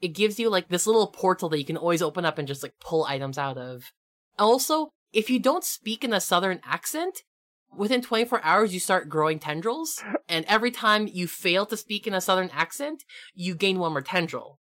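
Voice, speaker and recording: A woman's voice: on the low side, animated, brisk, fairly bright tone. A young adult woman, a game master, chatting casually on a tabletop gaming podcast in a bubbly, rambling way. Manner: bubbly, rambling, lots of filler and laughter.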